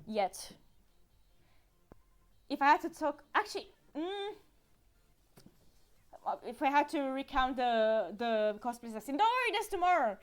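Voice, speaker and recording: Animated woman chatting on a live stream. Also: sits high, a little slow, pauses often. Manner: animated and giggly, with frequent fillers. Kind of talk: casual live-stream recap.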